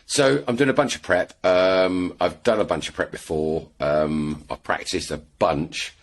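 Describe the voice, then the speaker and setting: A man's voice: low voice, unhurried. A British man from England, a podcast guest chatting casually and telling rambling stories full of restarts and asides. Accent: British English. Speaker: podcast guest, airgun shooter. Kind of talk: casual chat.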